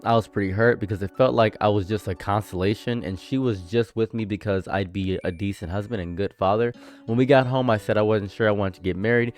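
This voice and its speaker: Ranting low-voiced male reaction streamer. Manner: animated, ranting, swings from loud outbursts to low murmurs. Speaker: reaction streamer reading a forum story. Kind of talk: casual commentary.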